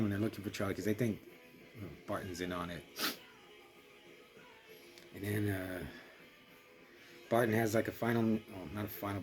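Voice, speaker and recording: A man with a fairly low voice talks through a film in a loose, rambling way. He restarts sentences and lets some phrases fade off quietly. Faint music plays behind him. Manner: rambling, restarts often, trails off softly. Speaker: film reviewer. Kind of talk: casual spoken film review.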